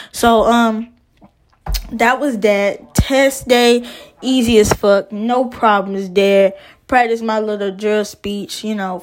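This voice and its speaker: A young woman with a high voice rants about her army training day in a casual vlog. She swears freely and sounds fed up, and she keeps addressing her listeners as "podcast". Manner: profane, exasperated ranting; talks to the camera as "podcast". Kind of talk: casual venting to camera.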